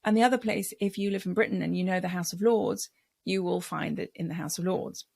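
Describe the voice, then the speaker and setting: A woman's voice: on the low side, steady tone, brisk, creaky, darkish tone, breathy edge, no echo. A middle-aged woman speaking coach giving a patient, explanatory lesson on how the voice works and demonstrating vocal sounds. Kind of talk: instructional talk to camera.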